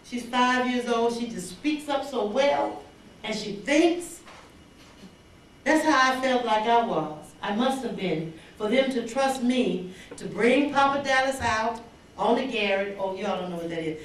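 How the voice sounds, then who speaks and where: An older woman gives an inspirational storytelling speech at a banquet. Her voice sits a little high, and she acts out every line of dialogue. She is picked up from a distance, and the big hall rings with echo. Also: measured pace, a little hiss or hum. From Mississippi Delta. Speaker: banquet speaker. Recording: echoey hall recorded from far off.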